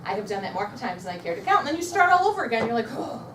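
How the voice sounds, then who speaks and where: A woman's voice: on the high side, sing-song, racing, reverberant, recorded from a distance, noisy background. A woman leading a motivational sales training session, upbeat and coaching, and having her audience repeat affirmations after her. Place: meeting room with a live audience.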